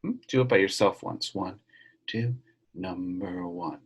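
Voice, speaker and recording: Middle-aged guy, kinda husky low voice, music teacher talking kids through rhythms on a video call, slow and patient. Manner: gentle, patient, speaks slowly to children. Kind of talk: online music lesson with read-aloud. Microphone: computer mic on a video call.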